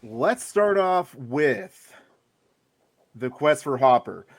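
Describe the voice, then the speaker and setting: A man's voice: medium pitch, expressive, very slow. A man hosting a casual podcast chat, joking as he leads the discussion. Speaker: podcast host.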